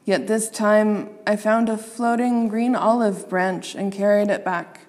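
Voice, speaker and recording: A woman reads a children's story aloud at a slow, unhurried pace. She plays up the sound words with relish. Her voice rings with a long reverb. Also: medium pitch. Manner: expressive, playing up sound words.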